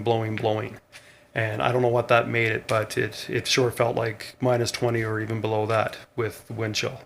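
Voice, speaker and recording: A man's voice: mid-range voice, slight background noise. Rambling man, tired vlogger. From Canada. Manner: rambling, chuckling, many fillers and restarts. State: tired after a long day of running. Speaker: vlogger on a cross-country run. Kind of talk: casual spoken vlog diary.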